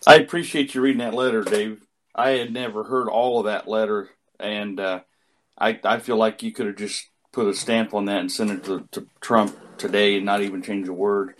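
Male guest, lowish voice, calm and agreeable. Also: normal speed. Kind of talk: casual chat.

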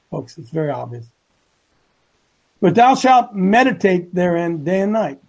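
Brief: high, husky, gravelly-voiced man leading a folksy Bible study, emphatic, slangy. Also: sing-song, moderate pace, long pauses, a little mellow, rough recording. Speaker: Bible teacher on a talk show.

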